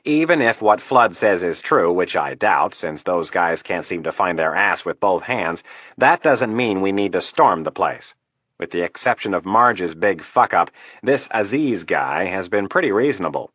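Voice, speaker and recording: A crude, scheming political aide, voiced by a man reading an audiobook. He argues with easy, coarse confidence and a low base voice. The sound is dry and close. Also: lively intonation, normal speed, fairly bright tone, no echo. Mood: scheming confident.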